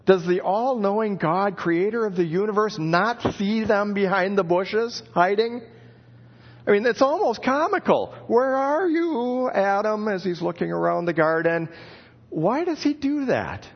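Expressive male preacher, muffled recording. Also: sits high. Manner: expressive storytelling, acts out calls of "where are you". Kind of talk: sermon. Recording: dull lo-fi sound.

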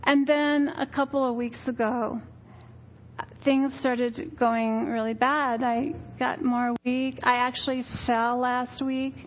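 An older woman speaks in a slightly high voice, sharing a weary, earnest testimony with a church gathering. She tells her story candidly and plainly. The recording sounds dull and lo-fi. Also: level tone, slow, slight background noise. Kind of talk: personal testimony talk.

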